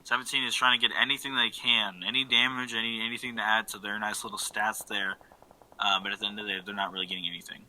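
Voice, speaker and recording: A man giving relaxed play-by-play commentary on an online game match, full of fillers and quick self-corrections. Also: lowish voice, low-quality recording. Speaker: esports caster.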